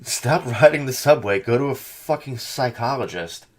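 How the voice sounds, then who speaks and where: A man hosts a casual podcast in a profane, animated way, mocking people as he goes. His voice sits at a middle pitch for a man. He talks into a headset or phone mic over a call. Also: normal speed. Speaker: podcast host. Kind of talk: casual chat.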